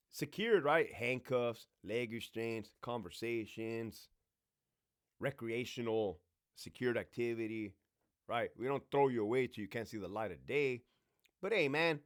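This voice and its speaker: A man, a former prison officer, talking in a blunt, profane and swaggering casual monologue. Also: mid-range voice. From California.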